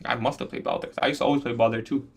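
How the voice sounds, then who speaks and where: A young man from Canada casually chatting on a trading livestream, answering viewer questions in a relaxed, slangy way. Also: medium pitch, racing, vocal fry. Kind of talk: casual livestream chat reading comments.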